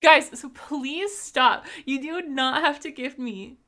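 Bright, bubbly young woman streamer. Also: sits high, slow pace. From Canada. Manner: bubbly and chatty, thanks viewers, laughs often. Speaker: live streamer. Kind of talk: casual live-stream chat over gameplay.

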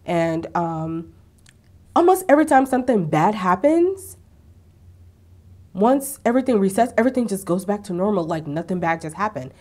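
A woman's voice: mid-range voice, moderate pace. A young adult woman giving a casual, sassy recap of a TV episode, acting out the lines she quotes. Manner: animated, sassy asides and acted-out quotes. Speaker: TV recap vlogger. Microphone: ring-lit camera setup at home.

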